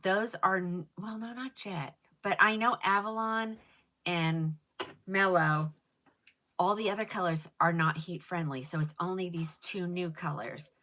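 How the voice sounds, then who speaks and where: A woman hosting a live wig sale, chatting casually and rambling to her viewers, with quick whispered asides. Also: lowish voice, pushed and bright. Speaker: live shopping host selling wigs. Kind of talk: casual live-stream sales chat.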